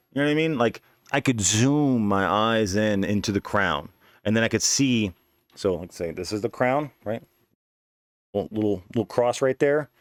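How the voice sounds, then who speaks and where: Medium-pitched and recorded with clean, dry studio sound, this young man tells a wild personal tale as a podcast host. It's a loose, casual monologue, profane and meandering, full of false starts.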